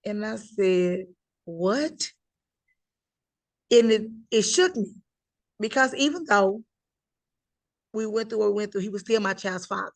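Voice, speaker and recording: A woman's voice: medium pitch, normal speed, long pauses, no echo. A middle-aged woman tells her story in an interview with emphatic delivery. She acts out the people she quotes. The recording is dry and close. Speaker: guest telling her life story. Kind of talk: conversational interview.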